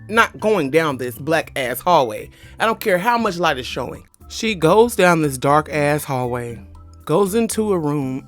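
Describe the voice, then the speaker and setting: A woman retelling a horror film plot in a casual, animated, slangy and profane way, dropping into quick character voices. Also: lowish voice. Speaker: movie review vlogger. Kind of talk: casual movie recap.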